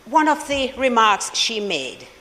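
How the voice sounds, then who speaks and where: Jamaican accent, senator, formal parliamentary tribute, unhurried and solemn, mid-pitched voice, long chamber reverb. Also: sing-song, bright, forceful tone. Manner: slow, measured and solemn, with deliberate pauses. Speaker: opposition senator.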